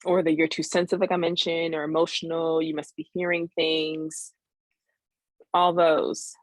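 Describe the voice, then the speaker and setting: A woman therapist leads a webinar in a fairly low, dry voice. She talks earnestly and keeps pausing to check in with "right?". The sound comes over a video call with no room echo. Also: level tone. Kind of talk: teaching a live webinar.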